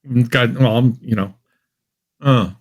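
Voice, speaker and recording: A medium-pitched man takes his time speaking. He's a Massachusetts academic on a podcast as a guest, and his interview conversation is chatty, wry and full of anecdotes, fillers and restarts.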